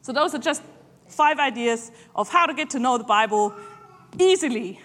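A woman preaching in a relaxed, conversational way, often pausing on fillers as she gathers her thoughts. Her voice sits high. It rings out with the long reverb of a church hall. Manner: conversational, halting, many filler pauses. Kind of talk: informal sermon.

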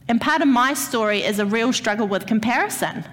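A woman's voice: a little high, brisk, fairly bright tone, big-room sound. A woman gives a church sermon, telling a personal story and speaking straight to the congregation. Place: church hall.

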